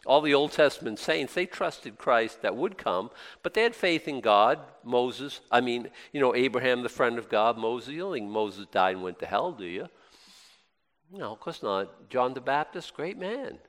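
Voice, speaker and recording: A man delivers a sermon in a loose, conversational way, throwing rhetorical questions at his listeners. His pitch rises and falls widely as he swings between quiet asides and excited bursts. The recording carries a long hall reverb. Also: normal speed. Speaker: pastor.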